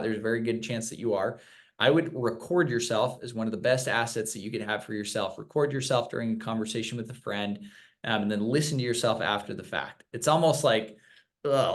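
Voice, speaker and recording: A man teaching new sales reps in a casual virtual training session, explaining points with examples. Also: medium pitch. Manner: conversational, explains with examples and acted-out quotes.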